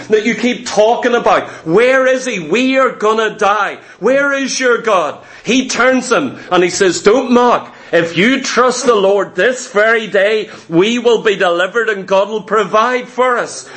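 A man's voice: high-pitched, a bit bright. A man preaching, retelling a story earnestly and acting out the quotes. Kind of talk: sermon storytelling.

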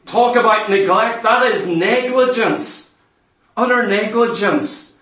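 A man's voice: sits high, slow pace, fairly bright tone. A man preaching a sermon, pressing the congregation with emphatic rhetorical questions. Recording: echoey hall, mic far off.

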